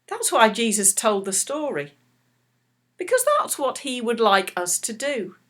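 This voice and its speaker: A middle-aged woman leading a children's church talk, speaking slowly and gently to small children. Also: on the high side. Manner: slow, animated, talks warmly to small children.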